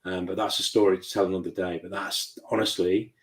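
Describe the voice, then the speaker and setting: A man's voice: deep voice, flat delivery, brisk, rough recording. A man, a toy shop owner, chatting as an interview guest and acting out quoted dialogue as he tells stories. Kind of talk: casual interview chat.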